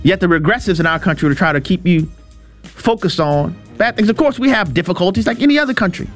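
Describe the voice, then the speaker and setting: High-voiced man delivering emphatic commentary. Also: animated, fast, soft background music. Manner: emphatic, repeats himself, chuckles. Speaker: show host. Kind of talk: opinionated commentary monologue.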